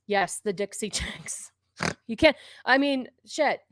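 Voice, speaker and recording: A woman's voice: fairly high pitch, lively intonation, slow pace, fairly bright tone, no echo, clean studio sound. A woman in her forties hosting a live stream, commenting on videos in a sarcastic, profane, ranting way. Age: 40s. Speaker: streamer host.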